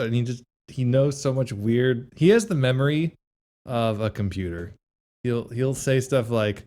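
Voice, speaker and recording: A man's voice: mid-range voice, moderate pace. A man co-hosting a podcast in casual chat, telling stories and acting out quotes from friends. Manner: animated storytelling, acts out quotes, laughs often. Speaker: podcast co-host.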